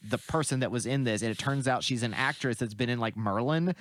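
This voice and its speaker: A man's voice: mid-range voice, a little fast, no room sound, studio quality. A man co-hosting a film podcast, telling stories casually with many restarts. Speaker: podcast co-host. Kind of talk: casual chat.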